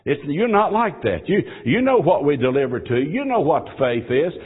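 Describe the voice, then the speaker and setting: A man preaching a sermon. He moves between quiet, folksy asides and loud, fervent exhortation. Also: a little high, very animated, brisk, slightly rough. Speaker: pastor. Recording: tinny phone-like audio.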